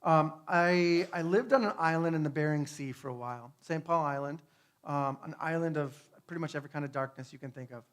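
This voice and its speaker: Man, higher voice, earnest testimony sermon, conversational, hushed to fervent. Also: brisk, smooth. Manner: tag questions, fillers. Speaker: speaker.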